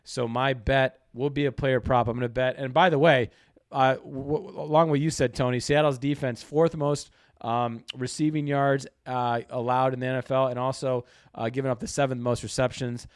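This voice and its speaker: A man's voice: medium pitch, little pitch movement, normal speed, clear, resonant tone, no echo, clean studio sound. A man co-hosting a sports betting podcast, explaining his picks casually with lots of stats. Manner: explanatory, stat-heavy reasoning. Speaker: podcast co-host.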